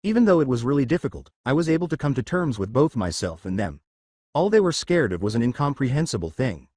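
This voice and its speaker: A man's voice: medium pitch, big pitch swings, quick pace, darkish tone, dry recording, clean studio sound. A man reading the lines of a cheerful young male ninja hero in an earnest, plain way.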